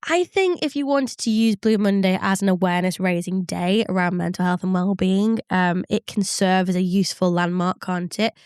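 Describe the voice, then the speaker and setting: A woman co-hosting a podcast explains workplace psychology at a steady, measured pace, with plenty of ums along the way. Her voice is smooth and clear. The sound is dry and close to the mic. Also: fairly low pitch, no echo. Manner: measured, explanatory, with frequent fillers. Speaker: psychologist co-host. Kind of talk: podcast advice chat.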